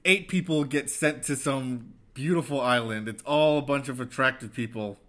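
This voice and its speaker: A man's voice: mid-range voice, normal speed, a bit bright. A man in casual chat as a podcast co-host, rambling and chatty. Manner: rambling, chatty, does mocking quoted voices.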